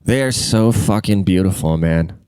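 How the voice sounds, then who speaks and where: Young man, solo podcast host, congested, crude rambling rant, lowish voice, smooth, dry close sound. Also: moderate pace, no echo. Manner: crude, rambling, jumps between loud and muttered.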